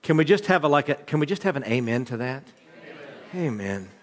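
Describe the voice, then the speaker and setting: A man's voice: mid-range voice, sing-song, quick pace, long reverb tail. A man in his thirties preaching a sermon, a pastor with a conversational, joking storytelling manner. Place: church hall.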